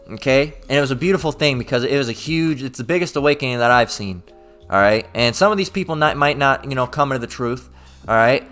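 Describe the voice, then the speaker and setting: Forceful male street preacher. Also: mid-range voice. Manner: forceful, with frequent repeated tags of "all right?"; stumbles and repeats words mid-sentence. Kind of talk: scripture reading and profane street-style preaching.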